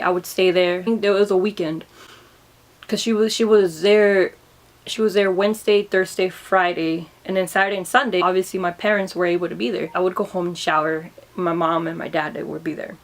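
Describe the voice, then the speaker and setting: A young woman recounting a personal memory in a vlog, emotional and halting, often repeating and restarting her words. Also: fairly low pitch, fairly even intonation. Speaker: vlogger.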